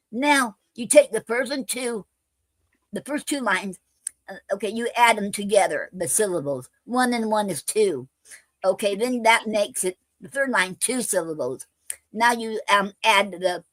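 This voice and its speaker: Woman poet talking haltingly, dry close sound. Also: mid-range voice, a bit bright, no echo. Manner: halting, many fillers and restarts. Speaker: poetry show host. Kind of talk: casual live-stream chat.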